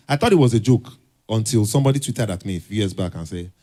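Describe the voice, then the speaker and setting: A young man talks to a conference audience in a lowish voice. He slips into little comic skits, then drives his point home with loud, repeated urging. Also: fast talker. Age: young adult. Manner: animated, acts out dialogues, builds to emphatic urging. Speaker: conference speaker. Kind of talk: motivational talk with comic skits. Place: conference hall stage.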